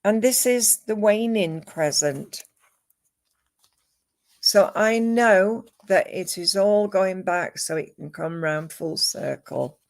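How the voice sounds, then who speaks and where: A woman gives a live psychic reading at a slow, deliberate pace. Her voice sits in a middle range. She lists names, numbers and images one at a time, calm and measured. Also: mid-range voice. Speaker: psychic medium.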